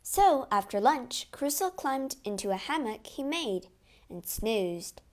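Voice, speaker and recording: A woman narrating a classic adventure storybook in a clear, expressive read-aloud manner. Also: on the high side, slow.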